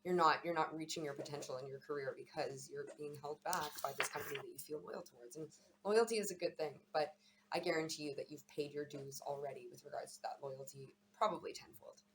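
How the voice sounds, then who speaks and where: Low-pitched woman reading tarot to camera, rapid and repetitive, faint noise behind. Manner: chatty, warm-hearted, repeats words. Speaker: tarot and astrology reader.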